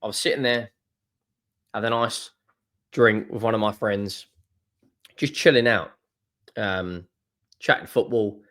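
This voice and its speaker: A young man ranting in a fan video, swearing often and swinging from low muttering to loud exasperated outbursts. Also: steady tone, measured pace, long pauses. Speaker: football fan vlogger.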